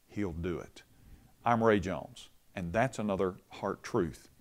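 A man's voice: deep voice, slow pace. A man giving a short devotional radio message, telling a story in a conversational preaching manner.

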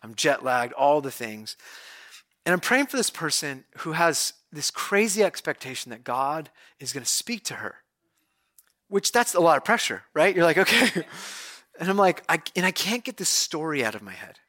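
A man's voice: a little high, very animated, normal speed, pushed and bright. A male pastor giving a sermon, telling stories conversationally and then preaching with emphatic conviction.

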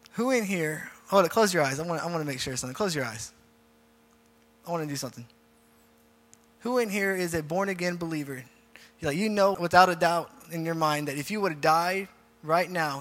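This man's voice is slightly high and somewhat bright as he preaches to young people in a relaxed, repetitive manner, guiding a group prayer and making an altar call. The recording carries the echo of a church hall with faint music underneath.

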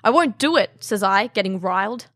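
A woman's voice: medium pitch, animated, normal speed, fairly bright tone, no room sound, studio quality. A woman with an Australian accent reading the first-person account of a male bushranger in a casual role play. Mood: narrating. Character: male bushranger telling his own story. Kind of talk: comic read-along role play.

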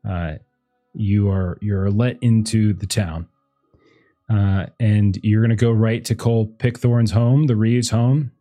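A man's voice: fairly low pitch, fairly even intonation, slow, dark tone, faint music behind. A man narrating a tabletop role-playing game as game master, rambling with many fillers.

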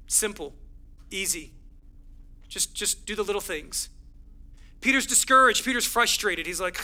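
High, bright-voiced man preaching. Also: measured pace, long pauses. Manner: energetic, conversational preaching with lively storytelling. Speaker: pastor. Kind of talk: sermon.

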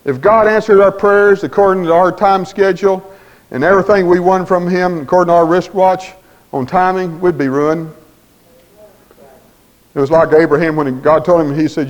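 Folksy preacher, fairly high voice. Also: male voice, fairly even intonation, normal speed, lo-fi sound. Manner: folksy storytelling, acting out the dialogue. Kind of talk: sermon.

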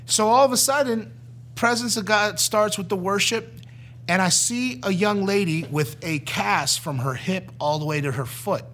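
A middle-aged man with a voice that sits a little high tells his own testimony as a former youth pastor. He tells it in a lively way and acts out each person he quotes. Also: moderate pace, a little hiss or hum. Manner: animated storytelling, acting out the people he quotes.

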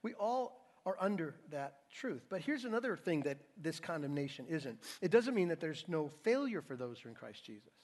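A man preaching in a church with a fairly high voice. He is emphatic and swings between hushed, quiet passages and loud ones. The sound rings out with a long reverb from the hall. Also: very animated, moderate pace, hardly any pauses. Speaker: pastor. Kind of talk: sermon. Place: church sanctuary.

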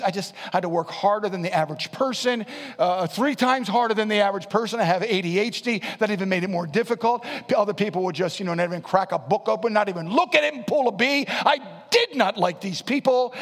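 A man preaching a sermon to young people, animated, dropping to low mumbles when he mimics excuses and rising to shouts. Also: a little fast. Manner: animated, swings from quiet asides to shouting. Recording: long hall reverb.

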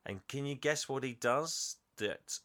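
A man retells a film scene by scene in a casual comedic recap. His voice is bright and forceful, recorded close and dry. He jumps into characters' lines with a raised, animated delivery. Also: medium pitch, a little slow, no echo. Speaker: podcast host recapping a film.

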